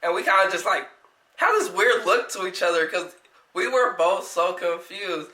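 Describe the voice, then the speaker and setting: A young woman vlogger telling a story in casual chat, animated, laughing often and swearing freely. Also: lowish voice, normal speed, roomy sound, poor audio.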